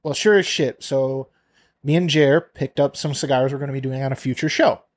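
A man co-hosting a podcast, telling a workplace story in a casual, profane, animated way. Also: mid-range voice, brisk. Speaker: podcast co-host.

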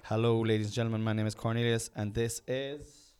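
A man's voice: lowish voice, fairly even intonation, brisk, a little mellow, a little hiss or hum. Middle-aged man hosting a rambling podcast. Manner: rambling, self-mocking, many fillers. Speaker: podcast host and stand-up comedian. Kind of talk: casual podcast chat and mic tests. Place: room at home.

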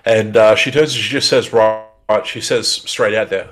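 Male podcast co-host, lowish voice, relaxed rambling recap. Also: moderate pace, hardly any pauses. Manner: rambling, filler-heavy storytelling. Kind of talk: casual recap chat.

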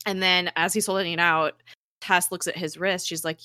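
Bright-voiced woman casually recapping a show. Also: on the low side, fairly quick, dry recording, clean studio sound. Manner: chatty retelling, acts out dialogue, many "like" fillers. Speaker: podcast host recapping a TV episode. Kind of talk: casual chat.

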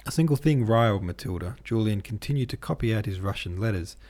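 Male host-narrator for a classic novel, measured delivery, low and warm. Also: animated. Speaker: podcast host and reader. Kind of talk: audiobook reading of a classic novel.

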